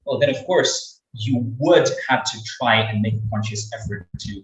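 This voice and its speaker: A man's voice: mid-range voice, normal speed. Man rambling in an echoey room. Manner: rambling, many fillers and repeats. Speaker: webinar speaker on English accents. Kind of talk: webinar talk. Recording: echoey room, distant from the mic.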